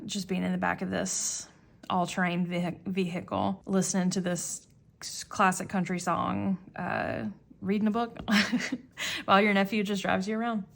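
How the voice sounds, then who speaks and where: A woman's voice: mid-range voice, creaky. A woman in her thirties chatting casually as she flips through her planner, rambling and self-deprecating, with frequent restarts and fillers. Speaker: planner vlogger.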